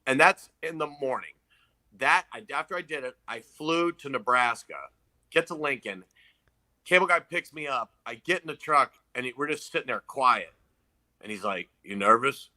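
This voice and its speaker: Bright animated male storyteller. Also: moderate pace. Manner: animated storyteller, acts out quotes in loud high voices. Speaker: comedian guest. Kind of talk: casual storytelling chat.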